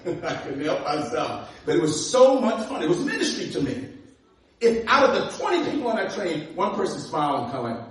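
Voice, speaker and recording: Ny pastor guy telling stories in his sermon, kinda high voice, big echo. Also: brisk. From New York. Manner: animated, acts out dialogue, laughs often. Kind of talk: sermon with storytelling. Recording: echoey room from far off.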